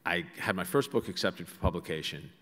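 A man's voice: deep voice, brisk, a bit bright. A middle-aged man with a Boston accent, telling wry stories with asides to an auditorium audience. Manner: wry anecdotal storytelling with asides. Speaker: author speaking to an audience. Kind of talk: storytelling talk. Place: large auditorium. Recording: long hall reverb.

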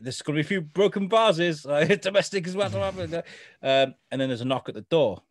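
A man's voice: fairly high pitch, fast talker, no echo. Man co-host, casual, swears freely, dry close sound. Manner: swearing, animated retelling with quoted voices. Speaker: podcast co-host. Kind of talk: casual chat.

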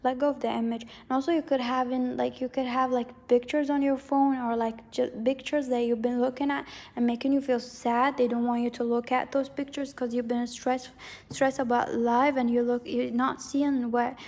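Gravelly-voiced woman giving a tarot reading. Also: high voice, flat delivery, normal speed, darkish tone. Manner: rambling, hedging, repeats herself. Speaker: tarot reader. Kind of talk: casual psychic tarot reading.

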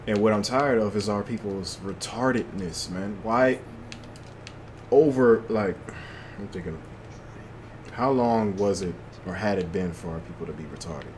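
A man's voice: on the low side, measured pace, darkish tone, a little hiss or hum. A young man giving loose, slangy commentary to himself while playing a shooter game. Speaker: gaming channel host. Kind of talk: casual gameplay commentary.

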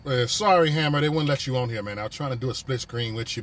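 A brisk man with a medium-pitched, fairly bright voice chats with viewers on a casual phone live stream, his talk loose, rambling and profane. There's slight background noise, and vehicles can be heard nearby while he's on a work break.

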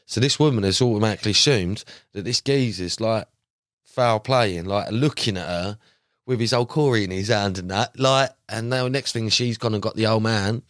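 Young man, low voice, dry close sound, animated storyteller, slangy guest. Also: normal speed, dry recording. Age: young adult. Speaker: podcast guest, carp angler. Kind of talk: casual chat.

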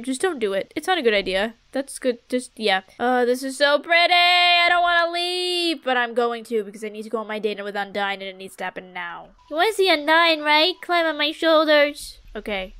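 A young woman giving excitable, dramatic commentary while playing a game, talking back to its characters. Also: high-pitched, fairly quick, hardly any pauses, smooth, soft background music. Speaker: let's play gamer.

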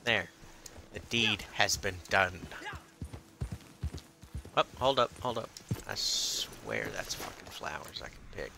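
A gaming channel host hunts and explores in a game, swearing and muttering to himself as he comments on the gameplay. His low, creaky voice is very animated but slow, with frequent pauses. The recording is noisy.

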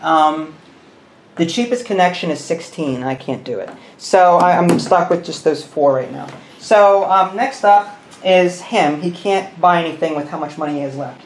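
A man hosting a board game session, explaining the rules and counting pieces out loud as he plays. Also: on the high side, moderate pace. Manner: thinks aloud, counting pieces and muttering rules. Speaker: host. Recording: roomy room with faint noise.

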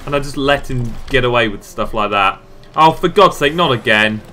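A man commenting on his own match as a gaming channel host, excitable and self-mocking, often shouting and groaning at the game. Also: medium pitch, normal speed, a little hiss or hum. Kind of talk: let's play commentary.

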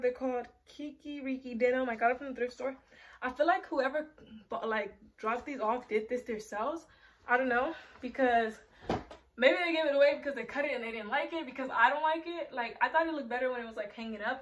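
A woman's voice: fairly high pitch, a bit bright. A young woman chatting casually to camera as a fashion vlogger, rambling with lots of filler words and a little out of breath. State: slightly out of breath. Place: bedroom.

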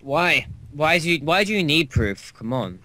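A man's voice: on the high side, big pitch swings, normal speed, pushed and bright, dry recording. A man co-hosting a game playthrough, telling a long, crude anecdote in a rambling, casual way. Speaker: gaming co-host. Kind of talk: casual gameplay chat.

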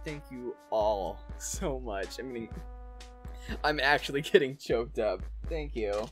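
A man in his twenties opening fan mail on his channel, expressive, laughing often and swinging from excited squeals to soft, touched tones. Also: mid-range voice. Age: 20s. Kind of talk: casual fan-mail reading.

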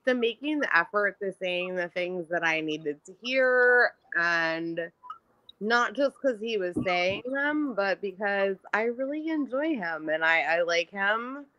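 Podcast co-host: young woman, bright, sharp tone, blunt, swears freely, self-mocking. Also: medium pitch. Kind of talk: casual chat.

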